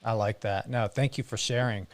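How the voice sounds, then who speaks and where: A man from the United States hosting an interview, chatty with animated asides. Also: on the low side, moderate pace, dry recording. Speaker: interview host. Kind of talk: casual interview chat.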